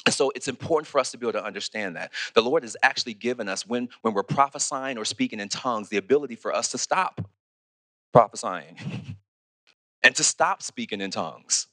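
A man preaching a sermon as pastor, animated, often restarting and asking "okay?". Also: mid-range voice, fairly quick, no room sound, clean studio sound. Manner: animated, repeats words, asks "okay?" often.

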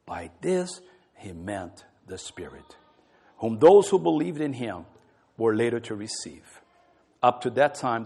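A man preaching a sermon in a church, emphatic, swinging between loud stressed words and soft drops. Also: mid-range voice, breathy edge. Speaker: counselor.

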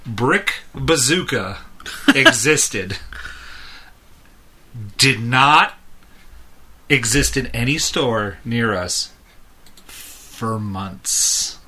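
A man's voice: mid-range voice, animated, very slow, pauses often, bright, forceful tone, husky. A man in his thirties, a podcast co-host, telling a long rambling story in casual chat and chuckling often.

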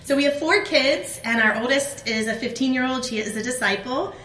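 A middle-aged woman telling a personal story as a conference speaker at a faith event, animated and acting out her own outbursts. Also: sits high, a little fast. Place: conference hall. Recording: echoey room with faint ambience.

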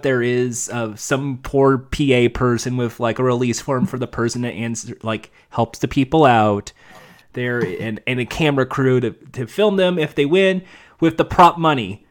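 A man's voice: mid-range voice, normal speed. A man co-hosting a casual podcast chat, rambling and joking with plenty of fillers. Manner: rambling, jokey, many fillers. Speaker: podcast co-host.

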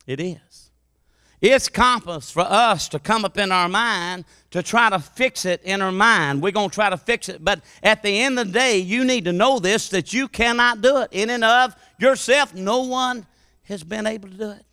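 Impassioned preacher with a bright voice. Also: male voice, high voice, moderate pace, clear, resonant tone, no echo, studio quality. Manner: swings from hushed murmur to loud impassioned preaching. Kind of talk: sermon.

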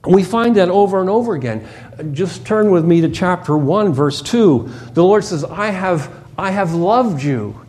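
A man preaching an expository sermon, slow and emphatic, often repeating words and restarting phrases. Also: high-pitched, lively intonation, darkish tone. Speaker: pastor.

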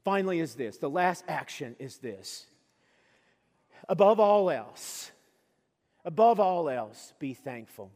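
A man preaching a sermon as pastor, earnest and conversational, dropping to soft asides and then rising to loud emphatic lines. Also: a little high, expressive, slow pace, pauses often. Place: church sanctuary. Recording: long reverb of a church hall.

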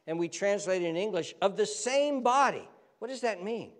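A man's voice: high voice, expressive, fairly quick, few pauses. A man preaching a sermon as pastor, explaining words by spelling them out letter by letter and building up to fervent emphasis. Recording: reverberant hall.

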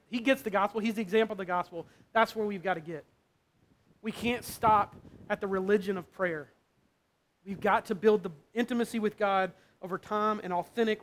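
A man with a high-pitched voice preaching a sermon. He talks in a casual, conversational way. He keeps checking in with the room by asking "right?". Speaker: pastor.

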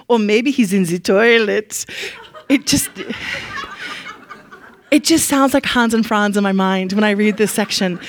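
A woman giving a casual, animated Bible lesson. She is chatty, laughs often and leans on fillers. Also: mid-range voice, a little slow, dry recording. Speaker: Bible teacher.

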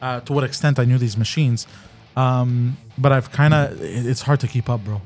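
A man's voice: mid-range voice, normal speed, darkish tone. A man hosting a casual live podcast, talking loosely with slang and swearing. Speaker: podcast host. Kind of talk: casual live-stream chat.

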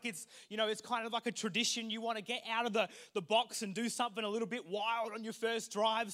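High, bright Australian preacher. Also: male voice. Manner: humorous storytelling, building to shouted proclamation. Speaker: pastor. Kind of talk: sermon.

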